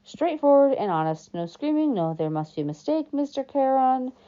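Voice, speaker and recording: A woman voicing a smooth, greedy male ferryman of the dead, with a put-on British-like accent, drawling sweetly and coldly. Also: high voice, sing-song, normal speed, mellow, pitched above the performer's own voice. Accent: put-on British-like accent, as a second language. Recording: dull lo-fi recording.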